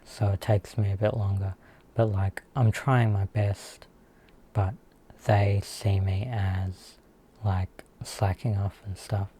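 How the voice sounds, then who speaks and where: A man's voice: on the low side, flat delivery, slow, mellow, slight background noise. A man with an Australian accent talking through his work troubles in a casual vlog monologue, hesitant and full of fillers, sounding aggrieved. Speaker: vlogger.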